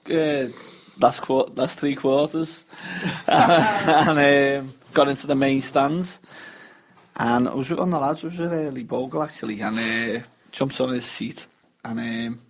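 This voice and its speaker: A man with a husky voice reminiscing about a match on a casual football podcast. He talks haltingly, stopping and restarting as he remembers. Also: on the high side. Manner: halting, with many fillers and restarts while recalling a match. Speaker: podcast regular. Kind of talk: casual chat.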